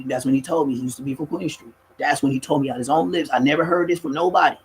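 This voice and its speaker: A man telling a street story in a casual, animated, profane way, often laughing and acting out other people. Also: medium pitch, racing, few pauses, slight background noise, poor audio.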